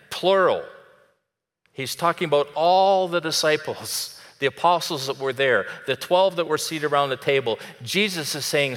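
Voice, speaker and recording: A man preaching a sermon in a conversational way, dropping soft and then rising to emphatic. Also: a little high, expressive, normal speed, in a large hall. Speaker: pastor.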